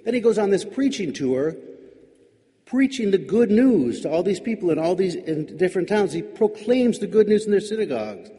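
A man's voice: sits high, sing-song, moderate pace, warm tone. A male pastor giving a reflective sermon, musing aloud with wry, questioning asides. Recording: long hall reverb.

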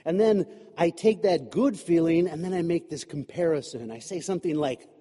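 A man with a high, mellow voice preaches in a relaxed, joking, conversational way. He fills his talk with "you know" and asides. His voice rings with a long echo, as from a church hall. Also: normal speed, breathy edge. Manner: chatty and humorous, many fillers like "you know". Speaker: pastor. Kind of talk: conversational sermon. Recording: echoey hall.

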